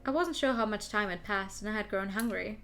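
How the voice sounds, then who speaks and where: A woman's voice: medium pitch, a little fast, a bit bright, soft background music. A young woman streamer playing a story game, reading its text aloud and chatting about it between lines.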